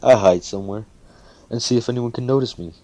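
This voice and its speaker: A man voicing a sleepy, gruff male teacher in a fan-made story, dry and matter-of-fact. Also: mid-range voice, fast, darkish tone, no echo, pitched above the performer's own voice, natural voice.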